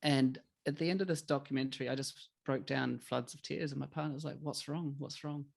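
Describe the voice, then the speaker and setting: A middle-aged man, a podcast guest telling emotional stories in a candid, animated way. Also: medium pitch, fast talker, vocal fry. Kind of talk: candid conversational interview.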